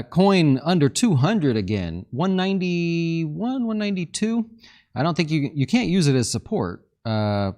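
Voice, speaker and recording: A man's voice: mid-range voice, darkish tone. A man hosting a live market stream, chatting casually and joking while reading viewer questions and thinking aloud over charts. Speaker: fund manager hosting a market livestream.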